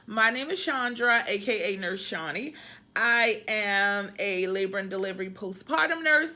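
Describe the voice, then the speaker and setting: A woman's voice: fairly high pitch, sharp tone. A woman travel nurse chatting casually to her viewers in a vlog, calling them y'all. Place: room used for filming.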